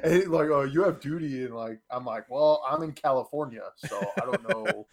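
A young man guesting on a podcast, telling stories in a low mumble and laughing. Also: lively intonation, moderate pace. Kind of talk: casual chat.

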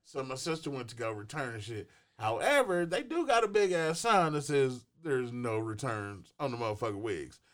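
A man's voice: medium pitch, sing-song, normal speed, hardly any pauses, a bit bright. A man co-hosting a talk show in a studio, telling a story casually with heavy profanity. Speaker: co-host. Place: radio studio.

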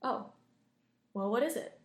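A woman's voice: unhurried, close to an everyday voice. A woman reading a curious child in bed. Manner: curious, questioning. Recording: roomy echo.

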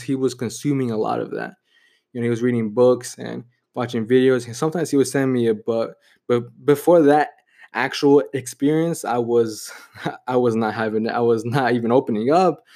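A man's voice: mid-range voice, darkish tone. A young man telling a personal story in a reflective way, often saying "you know" and "like".

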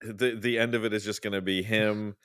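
Deep-voiced man, wry and stammering. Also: little pitch movement, normal speed, a bit bright, smooth, no echo, studio quality. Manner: stammering restarts, wry and joking. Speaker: podcast co-host. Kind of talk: casual pop-culture chat.

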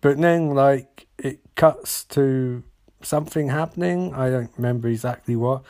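A man's voice: medium pitch, unhurried, darkish tone. Rambling, swearing male podcast host. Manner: rambling, stammering restarts and swearing. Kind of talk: casual comedic recap.

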